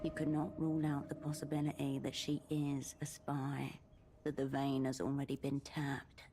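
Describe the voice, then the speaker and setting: A cold, low inner voice. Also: female voice, flat delivery, normal speed, dark tone, slight background noise. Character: cool, wry woman voice narrating the scene. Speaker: narrating voice in a video game. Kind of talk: game narration.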